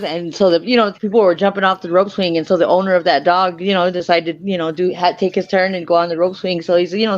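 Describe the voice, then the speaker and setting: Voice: mid-range voice, highs cut off. A guest speaker telling a rambling anecdote in casual chat, with lots of fillers.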